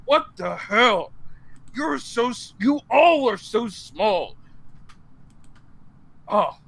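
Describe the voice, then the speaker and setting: A man's voice: very high-pitched, expressive, extremely slow, vocal fry, a bit bright, pitched above the performer's own voice, heavily acted, poor audio. A man voicing a boastful, crude giant warrior in a tabletop game. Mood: boasting.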